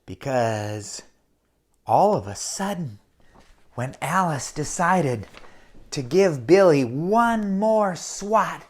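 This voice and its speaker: Animated woman telling a kids' story. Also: low-pitched, slow. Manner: lively, addresses kids directly, acts out the action. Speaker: children's storyteller. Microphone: camera mic.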